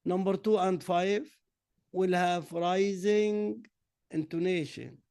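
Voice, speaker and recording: A male English teacher whose first language is Arabic, with an Egyptian accent. His voice sits high and moves at a slow, deliberate drilling pace as he reads answers one word at a time. The recording is dry and close. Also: dark tone, dry recording. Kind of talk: classroom lesson mixing Arabic and English.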